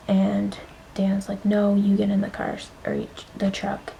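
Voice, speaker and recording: A woman's voice: medium pitch, completely flat delivery, unhurried, creaky, mellow, slight background noise, rough recording. Shaky, whispery young woman vlogger. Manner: shaky, emotional, often dropping to a whisper. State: on the verge of tears. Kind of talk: casual storytime vlog.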